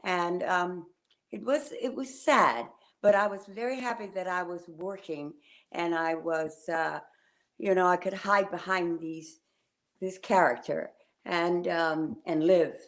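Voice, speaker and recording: An older woman, a guest on a video call, telling a personal memory in a halting, pausing way. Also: lowish voice, steady tone. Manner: warm, halting storytelling with pauses.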